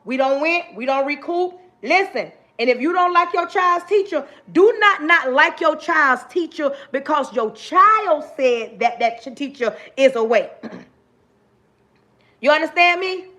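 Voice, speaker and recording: A woman teacher livestreams a casual rant, talking straight to her viewers emphatically and repeating herself. Her voice is high-pitched, animated and sharp in tone, and a little slow.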